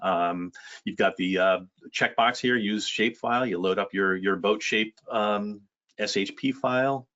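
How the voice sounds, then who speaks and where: Guy with a lowish voice going over software updates, lots of ums and restarts, kinda muffled sound. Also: unhurried. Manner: rambling, many fillers and restarts. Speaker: software presenter. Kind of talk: casual product walkthrough. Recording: dull lo-fi sound.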